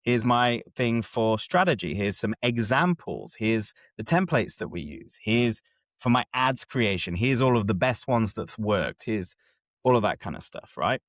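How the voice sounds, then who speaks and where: A man's voice: on the low side, measured pace, no room sound. A man hosting a casual chat, explaining step by step and often checking that his co-host is following. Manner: animated, keeps checking in with listener.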